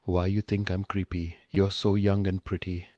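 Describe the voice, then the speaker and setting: A very deep, dark-toned AI-voiced pushy lonely man with an Indian accent, pleading in broken English right up against the mic. The sound is dry and dull, like a lo-fi synthetic recording. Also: little pitch movement, moderate pace, no echo, natural voice. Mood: clingy pushy. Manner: speaks low, close to the mic, broken English. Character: clingy, pushy lonely man chatting up a stranger.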